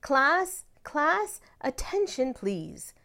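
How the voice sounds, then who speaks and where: A woman's voice: on the high side, big pitch swings, pitched above the performer's own voice. A woman voicing a bubbly school principal who gushes and calls a class to order. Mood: gushing. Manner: gushing, bright, brisk.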